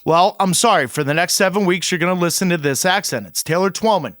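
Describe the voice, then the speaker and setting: An American man hosting a soccer podcast, joking and teasing in an energetic, casual way. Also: sits high, fast, no room sound, studio quality. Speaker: podcast host. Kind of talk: casual chat.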